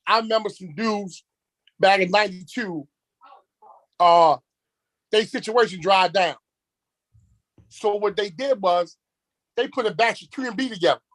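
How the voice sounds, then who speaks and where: High-voiced man telling street stories. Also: measured pace, long pauses, fairly bright tone, poor audio. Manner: streetwise storyteller, repeats words when starting. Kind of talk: casual chat.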